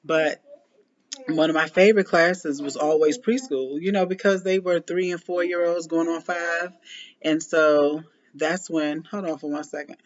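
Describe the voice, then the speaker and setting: In a low, steady, unhurried voice, a forties-aged ex-preschool teacher rambles to camera, laughing easily and restarting her sentences amid frequent ums. The lo-fi recording sounds muffled.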